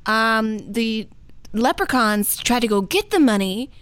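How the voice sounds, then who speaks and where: Female co-host, bright animated pitch, relaxed giggly banter. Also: unhurried. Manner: easygoing, giggly, trails off. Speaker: podcast co-host. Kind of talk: casual comedy podcast chat.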